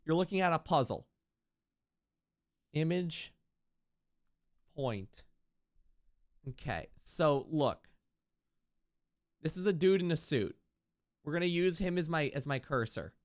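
A man commenting on a video game live as he plays it. He talks slowly and repeats himself, and his pitch swings widely up and down with sudden excited bursts. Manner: thinks aloud, repeats himself, excited outbursts. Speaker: streamer.

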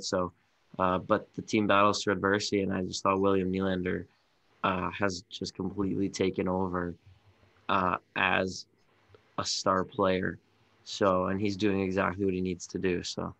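A man's voice: deep voice, a bit bright. A tired man co-hosting a hockey podcast, giving blunt, rambling opinions. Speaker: podcast co-host. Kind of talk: casual hockey podcast chat.

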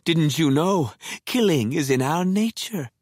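A male narrator voicing a sadistic killer who gloats calmly, grinning, in an audiobook. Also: on the high side, no echo, studio quality, pitched above the performer's own voice. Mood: smug. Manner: slow, relishing, grinning. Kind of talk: audiobook character voice.

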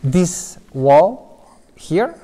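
Lively man guiding through an echoing cloister. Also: fairly high pitch, drawn-out words. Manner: lively, explaining with asides. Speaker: tour guide. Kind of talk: casual guided tour. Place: stone cathedral cloister, indoors. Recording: long reverb of a stone cloister.

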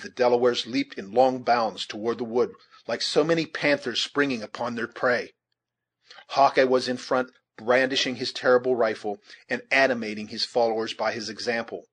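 A man narrating an audiobook in a measured, steady storytelling manner, with a husky voice. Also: mid-range voice.

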